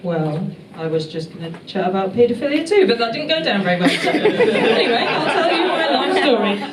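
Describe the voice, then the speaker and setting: A young woman from England works through a stand-up set in a dry, self-deprecating way, chuckling at her own lines. Her voice sits on the higher side. She is heard from some distance in an echoey club with the crowd audible. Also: sing-song, brisk, noisy background. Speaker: comedian. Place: comedy club stage.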